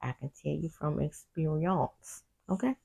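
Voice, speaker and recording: A woman's voice: low voice, a little slow, creaky, dark tone, husky. A woman doing a casual TV recap vlog, sassy and talking back at the characters, with personal side stories. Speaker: TV recap host.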